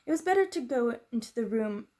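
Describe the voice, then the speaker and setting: A woman reading a children's storybook aloud as a storyteller, gentle and unhurried. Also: a little high, animated.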